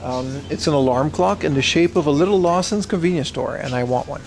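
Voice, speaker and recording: A man's voice: fairly high pitch, fairly quick, gravelly. A man casually chatting on a livestream as he browses a secondhand shop, slangy and talkative, answering his chat.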